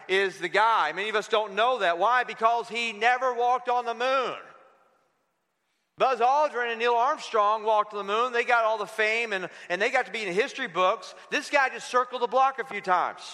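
A pastor preaching an energetic, humorous sermon in a church, addressing the congregation directly. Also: male voice, sits high. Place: church sanctuary. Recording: echoey hall.

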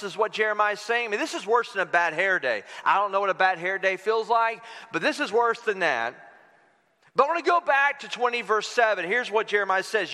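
A man preaching a sermon as pastor, animated, acting out quotes with shifting voice. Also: high-pitched, moderate pace. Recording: long hall reverb.

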